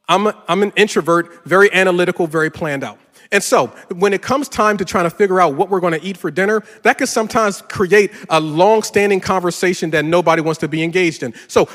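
A middle-aged man, a pastor, preaching a sermon and telling a story with lively, rising energy. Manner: animated, gets louder and higher telling a story. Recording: reverberant hall.

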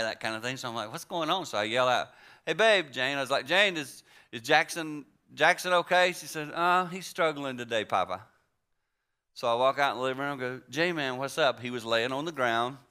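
A man in his sixties preaching a story-driven sermon in a conversational way, moving between hushed and emphatic. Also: mid-range voice, clear, resonant tone. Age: 60s.

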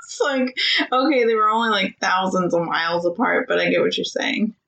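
A woman chatting casually with her husband, talkative, with many "like" fillers and quick laughs. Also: medium pitch, fairly even intonation, creaky, fairly bright tone, poor audio. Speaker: co-host talking with her husband. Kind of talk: casual chat.

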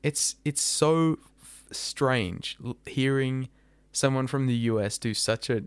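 A man's voice: mid-range voice, slow pace, clear, resonant tone, dry recording. A man with an Australian accent, hosting a casual podcast chat, often stumbling and restarting his sentences. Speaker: podcast host.

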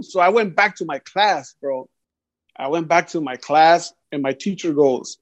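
A young man telling a story on a casual podcast, animated and slangy, always saying "bro". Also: high-pitched, normal speed. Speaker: podcast guest. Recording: dull lo-fi sound.

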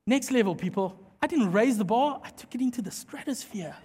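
A man preaching a sermon, animated and playful as he jokes with the congregation. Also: very high voice, fairly quick, breathy edge. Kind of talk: sermon with humorous storytelling. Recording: long hall reverb.

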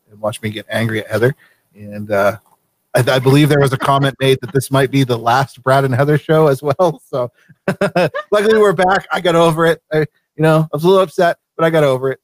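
A man from Vermont hosting a casual live show, easygoing and quick to laugh. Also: mid-range voice, dry recording. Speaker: show host.

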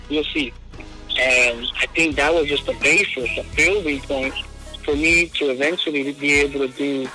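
A middle-aged man, a high school basketball coach from Southern California, telling a story in a casual interview and peppering his speech with "man" and "you know.". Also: bright, forceful tone, low-quality recording.

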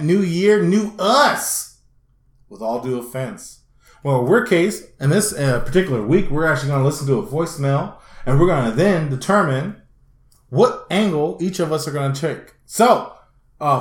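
A man co-hosting a podcast with jokey, profane banter in casual chat. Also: on the high side. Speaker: podcast co-host. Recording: roomy podcast recording.

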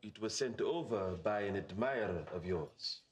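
A man's voice: lowish voice, expressive, unhurried, breathy edge. An actor playing a sly, teasing male waiter in a sitcom. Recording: TV audio with studio laughter.

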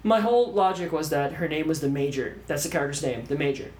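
A podcast co-host with a fairly high-pitched voice rants fast and casually about a movie. He's animated, swears a lot, and acts out lines in mocking voices. The room is echoey, with faint background noise.

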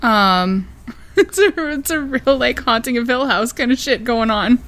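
A woman's voice: fairly high pitch, lively intonation, unhurried, fairly bright tone. A woman co-hosting a casual podcast, giggling often and talking with many fillers as she recaps a TV show. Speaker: podcast co-host.

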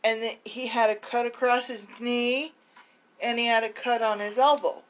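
A young woman in casual conversation, chiming in and then recounting a story in a plain, steady way. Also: a little high, normal speed, dull audio, slight background noise. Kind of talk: casual chat.

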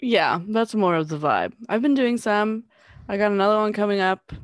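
A sleepy woman co-hosts a podcast in loose, casual chat, dropping dry, offhand jokes. Her mid-pitched voice is recorded close and dry, with no room sound. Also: lively intonation, normal speed, no room sound. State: sleepy, just woke up. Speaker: podcast co-host.

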